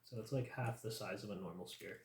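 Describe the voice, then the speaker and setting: A man's voice: on the low side, a little fast. A young man narrating casually as game master of a tabletop game, laughing and joking as he goes. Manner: laughs often, loose and joking. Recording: echoey room with faint noise.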